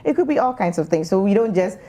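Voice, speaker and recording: A woman's voice: medium pitch, big pitch swings, fast, warm tone. A woman co-host from Ghana on a casual panel talk show, talking emphatically and slipping into mock-preachy, acted-out lines.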